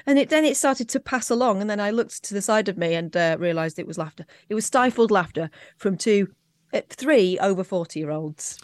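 A woman speaking over a remote call, her voice dry and close with no room sound. She recounts events calmly and steadily in casual conversation, at an ordinary mid pitch. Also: a little fast, no room sound. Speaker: podcast co-host. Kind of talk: casual chat.

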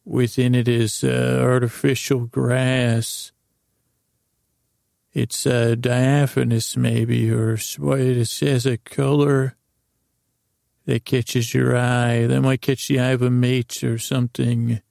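A man telling a meandering, improvised sleep story, halting often with ums and restarts. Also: mid-range voice, little pitch movement, vocal fry, darkish tone, no echo, studio quality. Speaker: podcast host.

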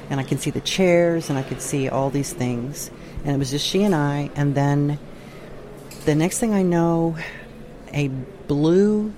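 A middle-aged woman from southern Indiana slowly recounting her dreams in a sunroom at home, pausing and restarting as she goes. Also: low-pitched, mellow, slight background noise. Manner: unhurried, halting, with pauses and restarts. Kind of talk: reflective personal storytelling.

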